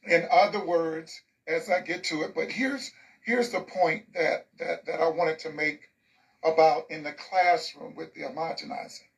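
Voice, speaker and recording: A man's voice: on the high side, fairly even intonation, unhurried, gravelly, far from the mic, poor audio. A man in his sixties, an author telling stories in an interview, emphatic and fond of rhythmic lists. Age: 60s. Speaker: author and guest. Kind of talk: interview storytelling.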